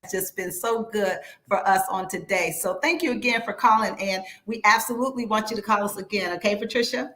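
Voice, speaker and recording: A woman's voice: mid-range voice, brisk, hardly any pauses, bright, forceful tone. A woman hosting a talk radio show, enthusiastic and effusive with callers. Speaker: radio host.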